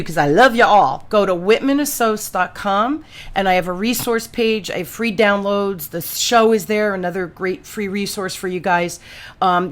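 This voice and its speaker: Animated woman podcast host. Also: mid-range voice. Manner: animated storyteller, exclamatory, slangy. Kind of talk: casual chat.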